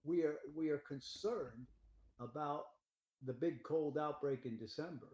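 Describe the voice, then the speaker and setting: An older man talking about the weather forecast in a rambling, excitable way, with filler words and laughter. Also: fairly high pitch, unhurried, echoey room, rough recording. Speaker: meteorologist guest. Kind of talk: casual forecast discussion.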